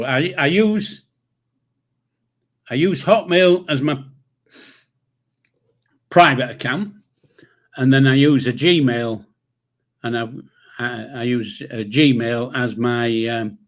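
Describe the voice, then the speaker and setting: A man's voice: mid-range voice, slow, long pauses, a bit bright. An older man, hosting a casual livestream and chatting loosely with viewers, with a rambling manner, casual swearing and chuckles to himself. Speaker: livestream host. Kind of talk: casual live chat reading comments.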